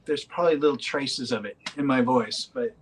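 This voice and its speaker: A man in a band, talking casually in an interview, rambling with many pauses and fillers. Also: medium pitch, slight background noise, rough recording. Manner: rambling, hesitant with many ums. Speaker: band member.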